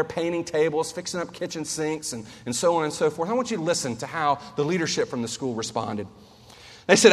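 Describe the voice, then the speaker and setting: A man in his forties preaching a sermon as a pastor, earnest and storytelling, swinging between loud and soft. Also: fairly high pitch. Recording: long hall reverb.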